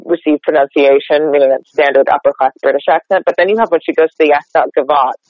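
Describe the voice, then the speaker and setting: A woman's voice: low voice, steady tone, fast talker, no room sound. A woman from North Texas, a dialect coach, chatting in a casual interview with lots of "like" fillers. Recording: dull lo-fi sound, dry.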